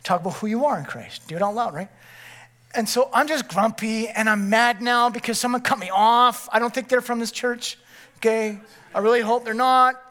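A male pastor giving a sermon, telling a personal story with animated energy and checking in with the congregation. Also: very high-pitched, moderate pace. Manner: animated storytelling with frequent "okay?" check-ins.

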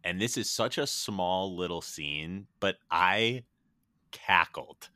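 A man's voice: low-pitched, takes it slowly, sharp tone, dry recording. A man co-hosting a podcast, chatting casually and laughing often as he gushes over favorite lines. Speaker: podcast co-host. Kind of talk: casual chat.

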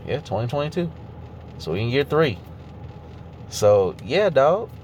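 A man in casual podcast chat whose voice swings widely in pitch as he talks. He laughs often and swears freely, with a faint hiss of noise behind him. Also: big pitch swings, measured pace, a little mellow. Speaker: podcast co-host.

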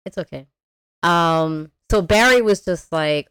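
A woman hosting a podcast, giving a casual, animated movie recap, swearing freely and acting out the characters. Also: fairly low pitch, a little slow, smooth, dry recording. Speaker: podcast host. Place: remote call.

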